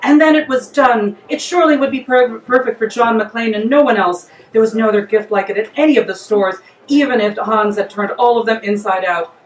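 A woman author reading her comic story aloud in a lively, playful way. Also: a little high, fairly quick, hardly any pauses, reverberant, distant mic, slight background noise, poor audio. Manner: lively, playful, breaks into laughter.

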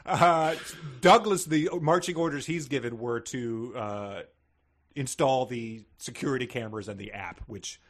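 Wry husky-voiced man. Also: mid-range voice, takes it slowly. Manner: wry, amused, laughing often. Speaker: podcast co-host. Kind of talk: casual comedic book discussion.

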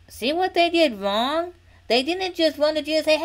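A woman teaching an informal Bible study in an earnest, repetitive way, often checking in with a quick "okay?". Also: high-pitched, lively intonation, low-quality recording.

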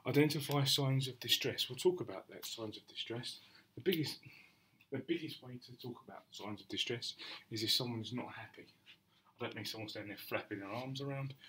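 A man runs a training session in a loose, chatty way, turning to the class and acting out little exchanges with customers. His voice sits at an ordinary middle pitch, with a faint hiss of noise behind him. He often repeats and restarts his phrases as he goes. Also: fairly bright tone, rough recording. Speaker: spectator safety trainer.

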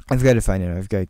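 A man with a low-pitched, warm, clean voice hosts a gaming channel, offering casual, chatty commentary while he plays. He jokes and laughs often, rambling and talking straight to his viewers.

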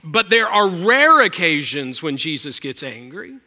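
A male pastor preaching a sermon, swinging between loud, emphatic lines and hushed ones. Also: on the high side, very animated, unhurried. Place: church sanctuary. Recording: reverberant church hall.

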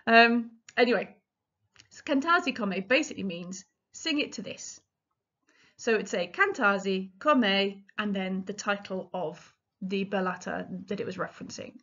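A woman's voice: mid-range voice, normal speed, fairly bright tone. Woman lecturer, talks music history in a loose explanatory way, slightly dull lo-fi sound. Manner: chatty, explanatory, frequent ums and restarts. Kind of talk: illustrated lecture.

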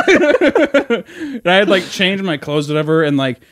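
A young man on a podcast, telling a long story in a rambling, animated way, full of fillers and laughing as he acts out the other people in it. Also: a little high, normal speed. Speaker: podcast co-host. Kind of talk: casual storytelling chat.

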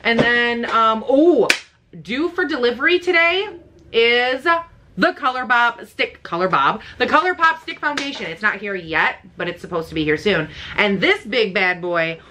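A young woman vlogging as she unboxes makeup, gushing and excitable, swearing freely. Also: on the high side, measured pace, slight background noise. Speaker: beauty vlogger. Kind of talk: casual unboxing chat.

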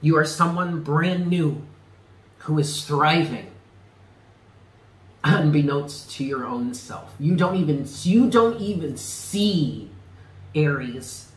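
A man's voice: fairly high pitch, slow, long pauses, echoey room, rough recording. A man giving a tarot reading, speaking earnestly and stressing points by repeating them. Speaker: tarot reader.

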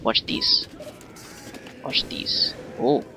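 A young man with a put-on Russian accent, commentating his gameplay in excitable, exclamatory, playfully broken English. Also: drawn-out words, over music. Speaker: gaming commentator. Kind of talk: let's-play commentary.

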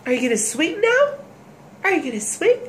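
A woman's voice: very high voice, very animated, normal speed, roomy sound, a little hiss or hum. A mother using sing-song baby talk with her infant at home, coaxing and drawn out.

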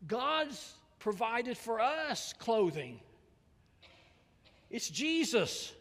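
A man preaching a sermon as pastor in a church, his delivery swinging from raised calls to hushed, near-whispered lines. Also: extremely high pitch. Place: church sanctuary. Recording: long reverb of a church hall.

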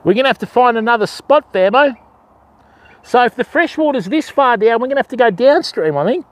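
Australian man, high-pitched voice, casual fishing livestream chat, riverside outdoors, slangy and chatty. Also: animated, brisk. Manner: chatty, greets viewers by name, slangy. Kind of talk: casual live-stream chat.

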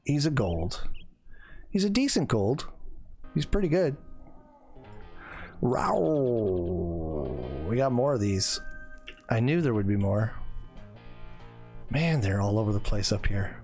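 A man's voice: on the low side, big pitch swings, slow, pauses often, darkish tone, faint music behind. A man in his forties streaming a hunting game, chatting casually, reading viewer comments aloud and reacting to them. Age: 40s. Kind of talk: casual live-stream chat while playing.

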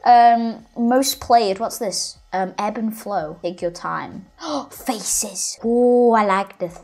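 A gaming video host giving excitable let's-play commentary, full of gasps and squeals, into a desktop microphone. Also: mid-range voice, slow pace, soft background music.

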